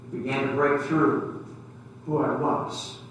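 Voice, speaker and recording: A man preaching a sermon, telling a personal story and acting out the dialogue, swinging between loud and soft. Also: mid-range voice, level tone, slow pace, a little hiss or hum. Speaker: pastor. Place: church sanctuary. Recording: very echoey church from far off.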